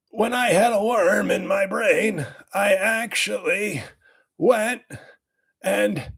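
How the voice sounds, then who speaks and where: A man doing a comedic impression of a boastful, cranky older male health official, with a raspy, strained voice, rambling and bursting into shouts. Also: sits high, exaggerated voice.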